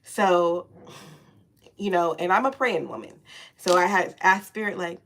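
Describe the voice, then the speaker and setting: A woman giving a casual spiritual tarot reading, loose and profane, laughing often and stretching out soft repeated words. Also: fairly low pitch, animated, measured pace, slight background noise. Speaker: tarot reader.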